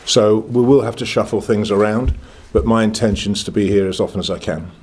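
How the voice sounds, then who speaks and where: A man's voice: on the low side, steady tone, brisk, darkish tone, husky. A man in his sixties with a northern English accent, answering reporters at a press conference in a blunt, confident, plain-spoken way. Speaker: cricket club chairman.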